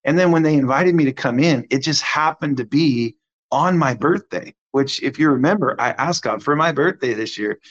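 A guest minister gives a conversational testimony in a mid-range voice at normal speed, with the highs cut off. He is animated and acts out what the people in his story said.

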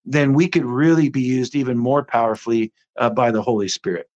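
A man's voice: mid-range voice, fairly even intonation, brisk, a little mellow, dull audio. A middle-aged man, a guest on an interview, telling a faith story earnestly with many restarts.

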